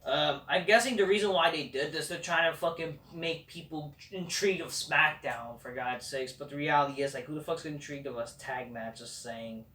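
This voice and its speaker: A man's voice: a little high, normal speed, hardly any pauses, sharp tone. A man hosting a casual review show, ranting in a sarcastic, profane, dismissive way. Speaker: host. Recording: roomy echo, far from the mic.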